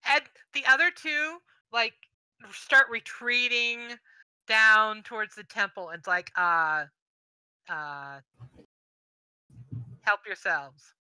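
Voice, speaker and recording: Slow, bright-voiced woman game master. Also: fairly high pitch, clear, resonant tone, dry recording, poor audio. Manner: unhurried scene narration with fillers. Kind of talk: narrating a tabletop game.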